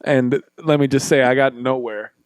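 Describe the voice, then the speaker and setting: A man co-hosting a podcast, telling stories in casual chat, animated and full of profanity with quick bursts of speech. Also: mid-range voice, clean tone, no echo, clean studio sound. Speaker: podcast co-host.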